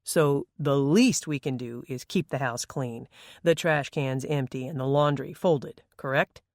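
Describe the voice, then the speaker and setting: A narrator doing a booming fatherly man. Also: a little slow, no room sound, studio quality, natural voice. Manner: firm, fatherly. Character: middle-aged father, deep booming baritone.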